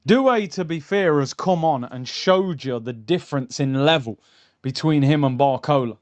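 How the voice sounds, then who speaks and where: Young male host, football watchalong, high and animated, excitable and chatty. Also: normal speed. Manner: excitable, shouts at the screen, chatty tangents. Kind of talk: live match reaction commentary. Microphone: streaming mic.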